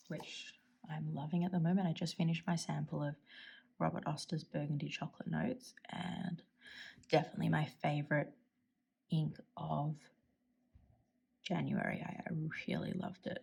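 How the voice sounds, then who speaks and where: Australian woman host, casual chat, husky and mellow, enthusiastic with soft murmured asides. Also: sits low. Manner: chatty, enthusiastic, often drops to a soft near-whisper. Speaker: stationery channel host. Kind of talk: casual chat while swatching inks.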